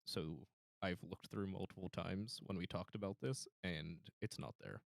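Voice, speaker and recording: A young man telling a story in a casual podcast chat, halting with many fillers and restarts. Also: sits low, creaky, no room sound, clean studio sound. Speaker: podcast guest.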